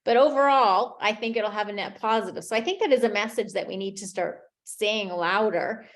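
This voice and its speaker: A woman's voice: medium pitch, fairly quick. Woman moderating a panel. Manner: friendly, steering, asks the panel questions.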